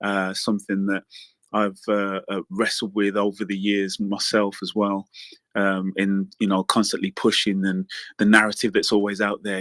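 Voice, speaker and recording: A man's voice: on the low side, little pitch movement, normal speed, fairly bright tone, dry recording. A man with an English accent joining a live show as a guest caller, speaking earnestly and thoughtfully with frequent restarts. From England. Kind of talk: casual chat.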